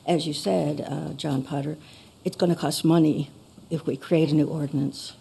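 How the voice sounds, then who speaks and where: Hesitant gravelly-voiced woman resident. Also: sits low, fairly even intonation, normal speed, mellow. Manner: hesitant, questioning, many fillers. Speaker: resident giving public comment. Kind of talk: public comment at a town meeting.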